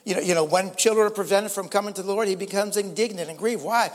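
A man's voice: high voice, fast talker, in a large hall. An older man preaching a sermon as pastor, earnest, often repeating words and rising for emphasis. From United States.

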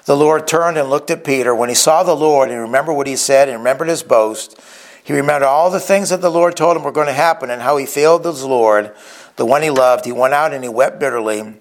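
With a mid-range voice and a brisk pace, a pastor preaches a sermon in an earnest tone, dramatizing the quoted figures as he recounts scripture stories.

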